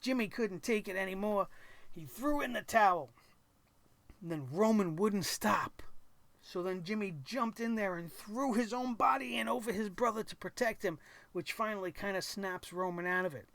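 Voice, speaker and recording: A man hosts a wrestling reaction show and talks in an animated way, sometimes acting out the wrestlers' lines. His voice sits high for a man. The sound is dry and close, with no room echo. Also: moderate pace, gravelly. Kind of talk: excited wrestling commentary.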